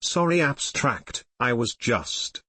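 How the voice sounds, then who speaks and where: Man doing a cocky playful teen boy, sarcastic, storybook reading, bouncy animated pitch. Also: slow, no echo, exaggerated voice. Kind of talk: audiobook reading of fan fiction.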